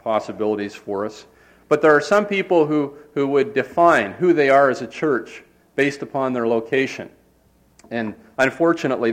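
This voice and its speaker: A pastor preaches from the front of his church. His voice sits at an ordinary middle pitch for a man. He rambles in a relaxed, conversational way, stopping often on uh and restarting his phrases. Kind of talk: sermon. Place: church sanctuary.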